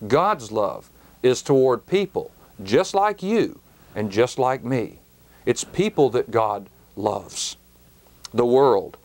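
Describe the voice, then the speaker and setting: A man teaching a Bible study in a measured, emphatic way, speaking straight to the listener. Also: mid-range voice. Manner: slow, measured, emphatic phrasing; addresses the listener directly.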